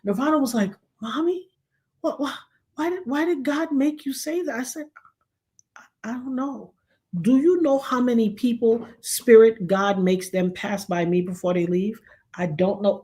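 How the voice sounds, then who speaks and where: A woman in her fifties from New York, hosting a show and telling a long story in casual chat, animated and dramatic with loud outbursts. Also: medium pitch. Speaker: show host.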